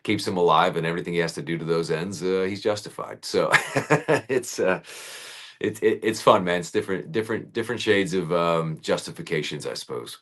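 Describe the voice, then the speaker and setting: Deep-voiced male actor guest. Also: a little fast. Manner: relaxed, thoughtful, laughs easily. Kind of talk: casual interview chat.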